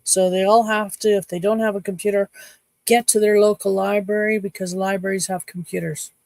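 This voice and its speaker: A woman's voice: mid-range voice, level tone, brisk, creaky, a little mellow, no room sound. A woman in her fifties from Canada, casually chatting with her livestream viewers in a cheeky, playful way. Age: 50s. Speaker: livestream host.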